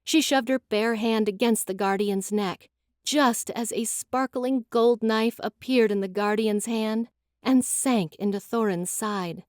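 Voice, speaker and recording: A woman giving an expressive, dramatic scripted narration of a fantasy audiobook. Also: a little high, measured pace, no room sound, clean studio sound.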